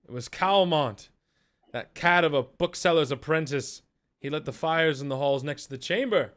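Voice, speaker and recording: A man voicing a male town guard in a tabletop game, gruff and declaring. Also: fairly high pitch, normal speed, a bit bright, natural voice. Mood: accusing.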